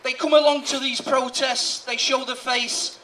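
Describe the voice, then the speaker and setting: Give me a plain-spoken man with a very high, bright voice giving a union rally speech. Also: little pitch movement, measured pace, reverberant, recorded from a distance, rough recording. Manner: plain-spoken, building to firm demands. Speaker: trade union rep. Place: outdoor street rally.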